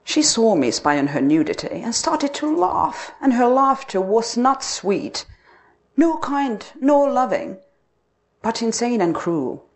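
A woman narrating a dark first-person literary story, expressive and dramatic. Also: a little high, slow pace.

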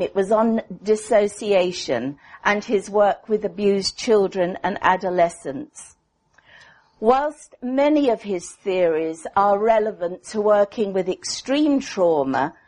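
A woman psychotherapist reading a prepared clinical paper aloud in a measured, deliberate way. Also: medium pitch, darkish tone.

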